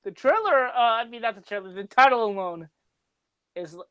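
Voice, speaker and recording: A young man co-hosting a casual movie chat, deadpan and teasing. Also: very high voice, moderate pace, clean tone, no echo. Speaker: podcast co-host.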